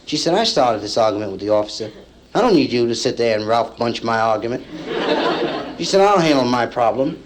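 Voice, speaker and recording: A male stand-up comedian telling a story to a live audience, acting out the people in it with lively punchlines, from an old vinyl comedy album. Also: medium pitch, a little fast, a faint crowd, slight background noise, rough recording. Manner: acts out characters in the story, lively punchline delivery. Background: audience laughter.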